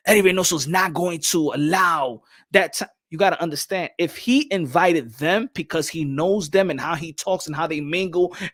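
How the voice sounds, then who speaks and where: A man co-hosting a boxing podcast, talking in an animated, emphatic way and repeating himself. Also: high-pitched. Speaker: podcast co-host. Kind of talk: casual boxing podcast chat.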